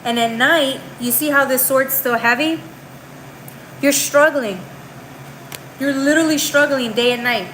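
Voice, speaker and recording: A woman's voice: sits high, a little slow, long pauses, a bit bright, slight background noise, low-quality recording. A woman giving a live tarot reading in a chatty, slangy way. She keeps tagging her lines with "right?" and often restarts or trails off mid-phrase. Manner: slangy, calls the viewer girl and bro. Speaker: tarot reader.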